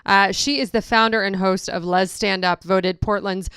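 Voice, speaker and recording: Bright, giddy woman hosting a comedy show. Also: medium pitch, fairly even intonation, normal speed, clean tone, no echo, studio quality. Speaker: show host.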